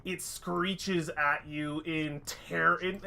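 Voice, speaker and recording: A man's voice: a little high, steady tone, slow pace, vocal fry, pushed and bright. A man narrating as game master of a tabletop game, describing scenes with frequent fillers. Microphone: headset or desk mic on a stream.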